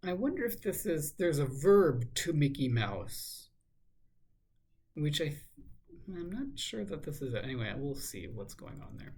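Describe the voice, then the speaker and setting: A man thinking aloud in a measured, musing way as he works through a crossword, now and then correcting himself. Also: a little high, very animated, a little mellow, breathy edge. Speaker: crossword solver. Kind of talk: thinking aloud while solving a puzzle.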